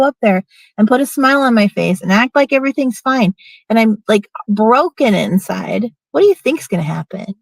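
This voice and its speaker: A woman's voice: on the high side, expressive, normal speed, gravelly, no echo, low-quality recording. A middle-aged woman venting casually in a rambling storytime, blunt and profane, restarting her sentences often. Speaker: vlogger.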